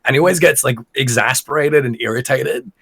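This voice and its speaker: A man's voice: medium pitch, a little fast, creaky, pushed and bright, slightly rough, no echo. A man talking on a podcast, chatty and sure of himself, explaining at length with plenty of fillers. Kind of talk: casual podcast chat.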